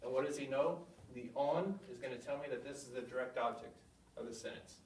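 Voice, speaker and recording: A man's voice: medium pitch, a little fast, slight background noise. A man teaching a language class, explaining step by step and checking for questions. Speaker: Greek teacher. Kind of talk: classroom lecture. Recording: echoey classroom from far off.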